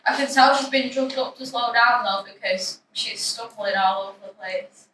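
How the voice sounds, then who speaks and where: A young woman tells her story in the first person, anxious and breathless. Her voice is high and bright. The recording is very echoey and distant, with a faint hiss behind it. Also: normal speed. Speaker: narrator. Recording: echoey room, distant mic, faint noise.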